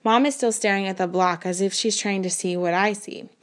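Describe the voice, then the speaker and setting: A woman narrating a first-person novel in a measured, earnest storytelling manner. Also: mid-range voice, steady tone. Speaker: audiobook narrator.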